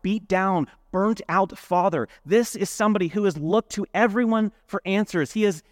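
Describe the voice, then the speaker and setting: A man preaching a sermon as a pastor, retelling scripture in a casual, animated storytelling way with "like" asides. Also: sits high, no echo, clean studio sound. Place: church.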